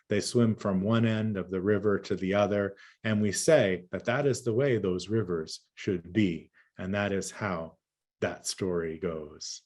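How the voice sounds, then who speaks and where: A man who is a storyteller, telling a traditional tale and answering questions in a rhythmic, measured way over a video call. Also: fairly low pitch, darkish tone. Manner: rhythmic, measured, lingers on native words.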